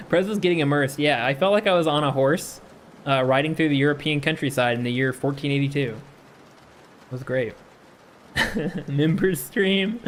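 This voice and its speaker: A man's voice: a little high, slight background noise. A man streamer reading chat aloud and laughing often as he talks casually on a live stream.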